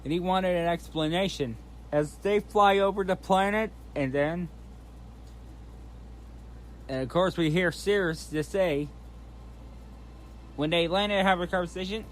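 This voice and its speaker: High-voiced man rambling slowly. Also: a little hiss or hum. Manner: rambling, restarts, repeats "of course" often. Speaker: channel host recapping a trailer. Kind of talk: casual unscripted recap.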